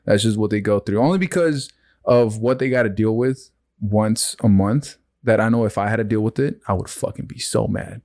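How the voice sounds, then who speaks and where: A young man hosting a podcast in casual chat, blunt and quick to laugh, swearing freely. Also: on the low side, darkish tone. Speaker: podcast host.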